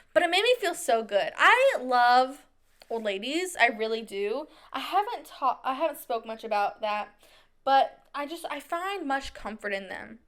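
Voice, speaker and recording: A woman's voice: sits high, bright, forceful tone. A young woman hosting her own podcast, chatting casually and telling stories dramatically, acting out the people in them. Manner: chatty, dramatic storytelling with quoted voices. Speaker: podcast host. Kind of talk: casual solo podcast chat.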